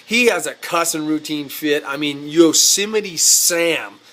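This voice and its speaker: A man, a rodeo cowboy, telling a ranch story in a folksy, animated, self-amused way. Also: fairly high pitch, a little slow. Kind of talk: casual spoken storytelling.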